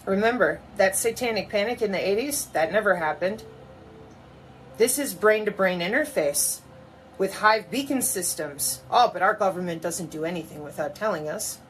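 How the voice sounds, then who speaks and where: A woman's voice: medium pitch, normal speed, a little hiss or hum. A woman in a mocking, profane monologue to camera, full of sarcasm. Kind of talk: ranting monologue.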